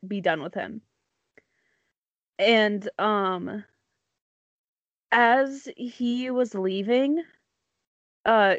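A woman's voice: medium pitch, no room sound, dull audio. A woman telling a story in casual chat, rambling with many likes and ums, laughing often.

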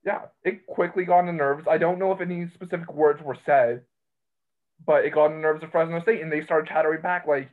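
Rambling, excitable male podcast host, slightly high voice, phone-line quality. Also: moderate pace. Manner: rambling, excitable, self-interrupting. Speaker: college baseball podcast host. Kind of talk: casual sports chat. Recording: tinny phone-line sound.

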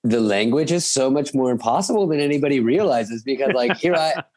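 A man's voice: medium pitch, animated, a little fast, darkish tone. A man in his thirties, a musician, chatting casually and rambling with lots of fillers and restarts. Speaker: guest musician. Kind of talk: casual chat. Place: home in Bavaria.

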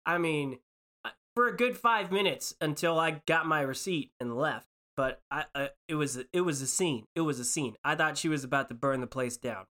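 A woman's voice: deep voice, moderate pace, hardly any pauses. A woman telling a story in casual chat, acting out the people in it. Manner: animated storytelling with acted-out voices.

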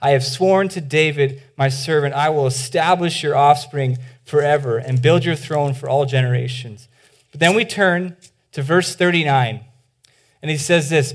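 A man preaching a sermon as pastor, earnest and conversational with many restarts, dropping to a hushed voice for appeals. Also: fairly high pitch, normal speed. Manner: drops to a soft, hushed voice for appeals.

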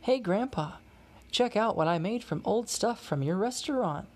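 A woman reading a storybook aloud, voicing an eager, excitable young boy with a raised, bright voice. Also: medium pitch, normal speed, natural voice. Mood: excited.

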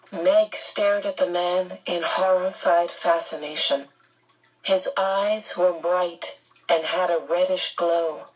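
Slow, breathy woman reading a story. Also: fairly low pitch, steady tone, distant mic, poor audio. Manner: measured, unhurried storytelling. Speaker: narrator. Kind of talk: audiobook narration.

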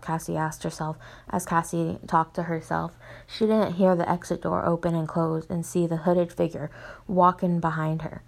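Young woman, reading own story, low voice, flat delivery, gravelly fry, stumbles over words. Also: moderate pace. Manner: plain reading with frequent slips and restarts. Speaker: reader of her own story. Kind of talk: reading her own fiction aloud.

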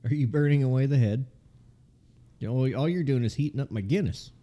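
A male podcast co-host with a mellow, warm-toned voice, chatting casually about beer. He jokes around and laughs easily, and he swears offhandedly. His pitch sits in an ordinary middle range. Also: fairly quick. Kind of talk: casual chat while tasting beer.

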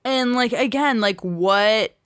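A woman's voice: a little high, takes it slowly, no room sound, clean studio sound. A woman co-hosting a podcast, talking casually about a TV show with lots of filler words. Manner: animated, talks with many "like" fillers. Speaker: podcast co-host.

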